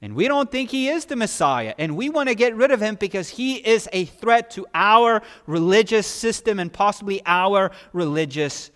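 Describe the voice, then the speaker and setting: A man preaching a sermon who asks his listeners questions and builds from quiet reflection to loud emphasis. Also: high voice, animated, moderate pace, hardly any pauses, clear, resonant tone. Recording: long reverb of a large hall.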